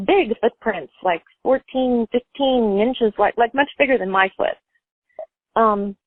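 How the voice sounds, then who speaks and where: A woman's voice: medium pitch, no echo. Woman, caller, rambling personal story, lots of fillers, tinny phone line, dry sound.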